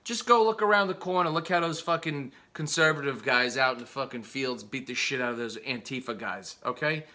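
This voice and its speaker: A man's voice: mid-range voice, a little fast, few pauses, pushed and bright. A male comedian delivering an angry, profane, mocking comedy rant.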